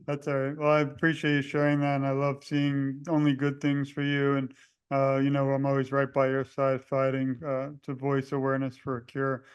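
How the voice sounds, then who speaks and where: A man's voice: medium pitch, completely flat delivery, normal speed, clean tone, dull audio. A man hosting an interview, asking questions in a supportive way and laughing often with his guest. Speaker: podcast host.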